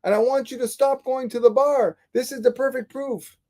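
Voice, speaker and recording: A man acting out a pious young son, his voice jumping far above his own as he begs his father to quit drinking. The tone stays soft and mellow, with urgent exasperation in it. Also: very high voice, fairly even intonation, normal speed, voice pushed up. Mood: exasperated pleading.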